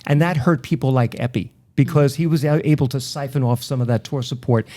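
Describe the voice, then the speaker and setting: A middle-aged man from Long Island, a radio personality telling animated stories in a casual interview and acting out the voices of people he quotes. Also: medium pitch, a little fast. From Long Island, New York.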